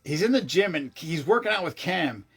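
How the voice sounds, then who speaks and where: A man vlogging, telling a long rambling story in a casual, excitable way, swearing freely and often restarting his sentences. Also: on the high side, moderate pace, breathy edge, soft background music.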